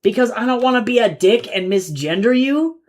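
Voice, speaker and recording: A man voicing an unhinged male robot in a live reading of his own novel, yelling melodramatically with a put-on accent. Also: very high voice, expressive, moderate pace, voice pushed up. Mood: chipper. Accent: put-on Terran accent.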